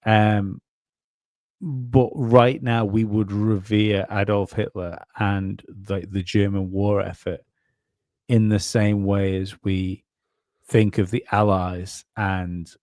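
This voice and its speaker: A man's voice: on the low side, level tone, takes it slowly, darkish tone, dry recording, studio quality. A man co-hosting a casual conspiracy podcast, rambling and swearing, often restarting his sentences. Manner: rambling, profane, many restarts. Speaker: podcast co-host.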